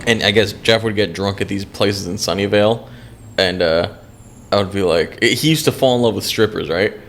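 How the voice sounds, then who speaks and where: Young man, low voice, casual podcast chat, rambling, laughs a lot, swears freely. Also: moderate pace, a bit bright. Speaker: podcast co-host.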